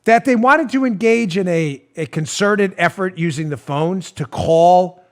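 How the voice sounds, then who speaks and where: A man's voice: high-pitched, measured pace. A man hosting a political talk show, telling a story in a mocking, theatrical way and often breaking into laughter. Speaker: host.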